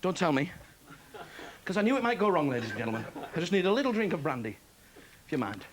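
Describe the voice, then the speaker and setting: A man's voice: a little high, very animated, quick pace. A man doing a comic magic act on stage, chatty and self-mocking, chuckling at his own jokes, on a hissy 1990s TV broadcast. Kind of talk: stand-up comedy act.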